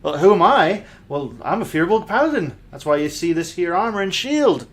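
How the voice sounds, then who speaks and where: A man putting on a gentle giant firbolg. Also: high-pitched, big pitch swings, moderate pace. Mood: friendly. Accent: put-on rustic folk accent. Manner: folksy rustic speech, bumbling and friendly. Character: huge gentle pacifist male firbolg paladin. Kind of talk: in-character introduction.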